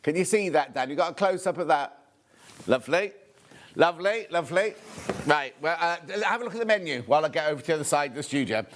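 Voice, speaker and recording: A man from the West Midlands of England hosts a live shopping show from a TV studio. His talk is chatty and rambling, full of quick asides. His pitch sits a little high and swoops widely as he goes. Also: animated, fairly bright tone, slight background noise. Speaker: shopping channel host.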